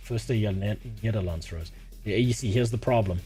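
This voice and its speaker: A man's voice: lowish voice, fairly quick, dark tone, soft background music. A man from South Africa with a South African accent, streaming and chatting casually with his chat, crude and sarcastic, often laughing. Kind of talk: casual livestream chat, reading chat.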